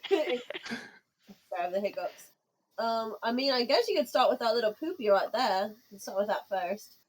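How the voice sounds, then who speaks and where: A woman playing at a tabletop game, speaking softly and quietly. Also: on the high side, lively intonation, moderate pace, breathy edge. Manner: soft, quiet. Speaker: player. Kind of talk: casual chat at a tabletop game.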